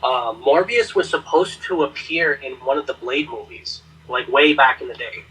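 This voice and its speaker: A man's voice: medium pitch, normal speed, bright, forceful tone, far from the mic, a little hiss or hum, rough recording. Nerdy man rambling, off-mic. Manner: rambling nerdy lore talk, swears. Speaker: podcast co-host. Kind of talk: casual chat.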